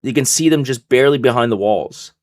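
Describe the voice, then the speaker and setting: A man's voice: medium pitch, brisk, no room sound, clean studio sound. A young man streaming live, telling a story in a casual, profane way and acting out what others said. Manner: animated, profane, acts out quoted voices.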